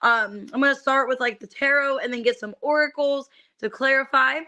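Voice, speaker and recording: A young woman chats her way through a live tarot reading, loose and unscripted, full of ums and little asides to viewers. Her voice sits a touch high and rings bright and forward. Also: moderate pace. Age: young adult. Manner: chatty, many fillers, greets viewers by name. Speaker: tarot reader streaming live. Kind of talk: casual live-stream chat.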